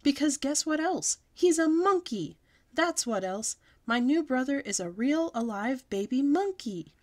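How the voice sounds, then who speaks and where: A woman reading a storybook aloud and voicing an excitable, bossy little kindergarten girl who talks loud and breathless. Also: high-pitched, moderate pace, voice pushed up. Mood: excited shouting.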